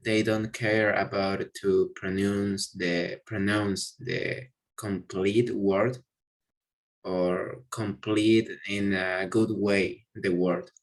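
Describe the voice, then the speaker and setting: Slow, hesitant male student. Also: fairly low pitch, level tone, low-quality recording. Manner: hesitant, fills with "uh". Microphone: video call.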